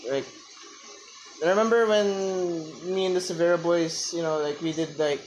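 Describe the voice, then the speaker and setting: A man's voice: on the high side, steady tone, moderate pace, a little hiss or hum, poor audio. A young man with a strained throat chatting casually, rambling, swearing and laughing a lot. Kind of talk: casual chat.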